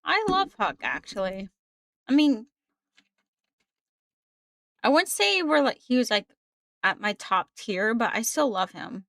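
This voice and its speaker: A woman's voice: on the high side, big pitch swings, a little slow, long pauses, a bit bright, no echo. A woman gaming streamer chatting casually with her livestream, reading chat aloud and often repeating herself.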